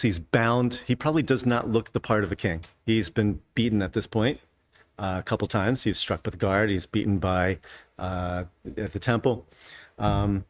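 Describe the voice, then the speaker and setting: A man with a fairly low voice leads an adult Bible class in a relaxed, conversational way, often tossing in rhetorical questions to his listeners. The sound is dry and close, with little room echo. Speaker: Sunday school teacher. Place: church classroom.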